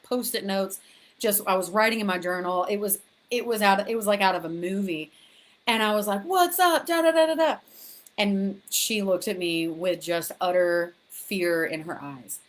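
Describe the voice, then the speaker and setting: A woman speaking straight to her viewers in a frank, chatty storytelling voice. She talks at a middling pitch and restarts her sentences as the story runs ahead of her. It sounds like a personal, unscripted vlog. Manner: restarts and repeats words when excited. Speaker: author sharing her story. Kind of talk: candid personal storytelling to camera.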